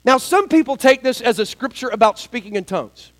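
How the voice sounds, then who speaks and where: A man preaching a sermon, telling a story in an animated, joking way and acting out the scenes. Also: very high voice, brisk, poor audio. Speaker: pastor.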